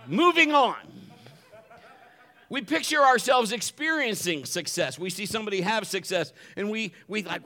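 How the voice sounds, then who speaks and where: A man's voice: high voice, expressive, normal speed, pushed and bright. A man, a pastor, opening his sermon with jokes and laughing at his own punchlines. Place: church building.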